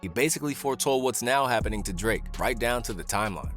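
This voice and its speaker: A man narrating a scripted commentary in a brisk, measured, argumentative way. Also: medium pitch, expressive, a bit bright, faint music behind. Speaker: channel narrator.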